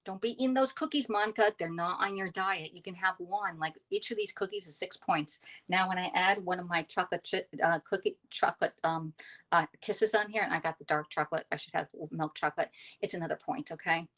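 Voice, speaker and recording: A woman's voice: on the low side, steady tone, a little fast, fairly bright tone. Chatty woman cooking live. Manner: chatty, greets viewers by name, laughs often. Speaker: livestream cooking host. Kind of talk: casual live cooking stream. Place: home kitchen.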